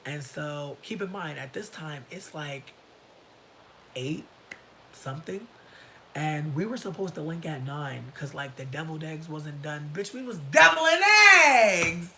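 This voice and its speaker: A host in their thirties tells a story on a casual livestream, profane and animated, breaking into shouts and laughter. The voice is mid-range and a little slow.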